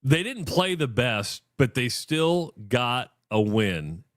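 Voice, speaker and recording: A man's voice: slow, dry recording, studio quality. A man co-hosting a sports radio show, telling stories animatedly and acting out what others said. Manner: animated storyteller, acts out quotes with big pitch jumps. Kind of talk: casual sports talk. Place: radio studio.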